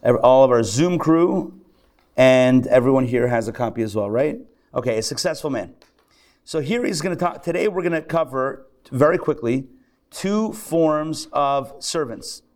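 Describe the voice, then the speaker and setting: A man teaching a live class as a rabbi, animated, acting out the voices of people he describes. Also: medium pitch, normal speed. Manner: animated, acts out excited and grumbling voices. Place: lecture room with a live audience.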